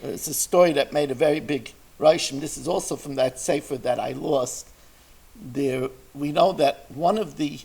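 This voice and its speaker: A rabbi telling a story in a Torah class, acting out the people in it with lively shifts of voice. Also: male voice, mid-range voice, gravelly, husky, low-quality recording.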